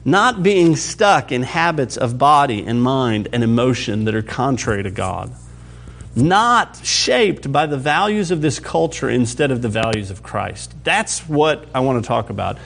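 A man preaching a sermon to his congregation in a conversational teaching style, often checking that listeners follow and pushing louder or dropping soft for emphasis. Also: medium pitch, sing-song, unhurried, vocal fry. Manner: varies pace and loudness for emphasis. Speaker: pastor.

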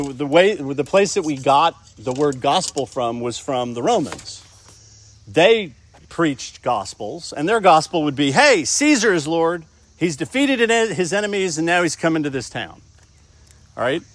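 A man preaching a sermon, talking conversationally and often asking the congregation questions. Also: medium pitch. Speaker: pastor.

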